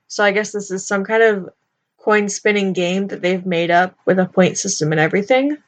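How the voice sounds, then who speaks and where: A woman's voice: mid-range voice, normal speed. A young woman giving casual commentary on a book, chatty and nitpicky, with lots of filler likes. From United States. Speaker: book reviewer.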